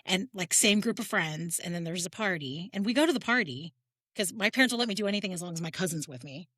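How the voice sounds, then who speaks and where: A woman's voice: lowish voice, expressive, fast, fairly bright tone, no echo, studio quality. A woman chatting casually as a co-host, telling a rambling story with many restarts. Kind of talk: casual chat.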